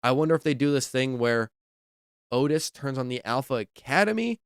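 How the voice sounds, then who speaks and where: A man's voice: medium pitch, animated, moderate pace, clean tone, no room sound, clean studio sound. A man hosting a wrestling podcast, giving casual, enthusiastic opinion commentary, repeating himself and saying "like" a lot.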